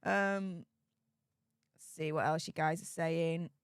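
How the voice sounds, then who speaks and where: A woman's voice: sits low, fairly even intonation, takes it slowly, clean tone, dry recording, studio quality. A woman hosting a casual live stream, chatting and reading out viewer comments, laughing often and repeating herself. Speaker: livestream host.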